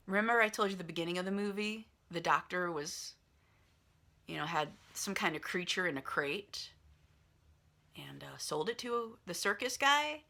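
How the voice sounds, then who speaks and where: A woman's voice: fairly low pitch, normal speed, bright, forceful tone. A woman casually retelling a movie's plot in a chatty, filler-heavy way, like talking to friends. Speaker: vlogger reviewing a movie.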